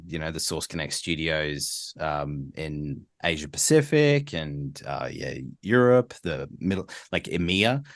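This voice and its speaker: Deep-voiced Australian man, dry close sound. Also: no echo. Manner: animated, rambling with many fillers. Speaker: voice actor guest. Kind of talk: casual podcast chat.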